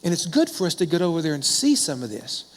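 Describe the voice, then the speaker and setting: A man's voice: on the high side, big pitch swings, fast. A middle-aged man, a pastor, preaching a sermon in a conversational storytelling way, asking questions and answering them himself. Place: church sanctuary. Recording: long hall reverb.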